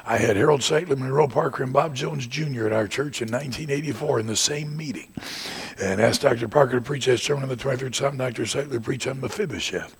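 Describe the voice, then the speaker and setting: An older preacher delivers a sermon in a gravelly, very husky voice. He builds to loud shouted peaks, then sinks back into low asides. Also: fast talker. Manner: rising to shouts, then dropping to quiet asides.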